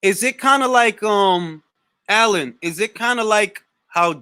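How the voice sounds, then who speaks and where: Animated high-voiced man, casual chat. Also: a little slow, smooth, no echo, studio quality. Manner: animated, slangy, repeats words when starting a thought. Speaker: boxing talk show host.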